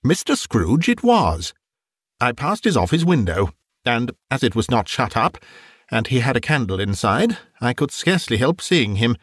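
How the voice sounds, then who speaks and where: A man voicing a contented middle-aged husband who speaks in an unhurried, smiling way, in an audiobook reading. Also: medium pitch, big pitch swings, fairly bright tone, slightly rough, dry recording, studio quality. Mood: gentle.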